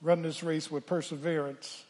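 Older preacher with a husky voice. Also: male voice, on the high side, level tone, moderate pace. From Philadelphia. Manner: call-and-response preaching, swings from hushed to shouting. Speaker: pastor. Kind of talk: sermon. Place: church sanctuary. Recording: church hall reverb.

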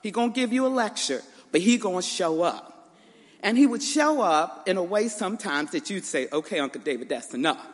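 A woman speaks at a funeral in a large church, her voice climbing and dipping with expressive swings as she tells family stories. Her words trail off into a long reverb that fills the sanctuary. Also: medium pitch, moderate pace. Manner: lively storytelling, laughing through a family story. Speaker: niece giving a eulogy. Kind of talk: funeral tribute speech.

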